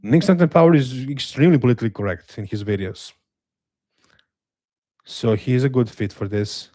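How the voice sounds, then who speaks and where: A man with a Slavic accent hosting a live watch-along stream, reading chat aloud and answering in a relaxed, hesitant, self-deprecating way with dry humor. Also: mid-range voice, normal speed, long pauses, no echo. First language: a Slavic language. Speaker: livestream host reading chat.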